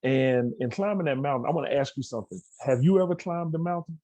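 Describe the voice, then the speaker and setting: A man's voice: a little high, fast talker, dark tone, no room sound. Man telling a story on a video call. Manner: storytelling, acts out quoted dialogue. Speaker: keynote speaker. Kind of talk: motivational talk to students over video call. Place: indoors at an outdoor education center.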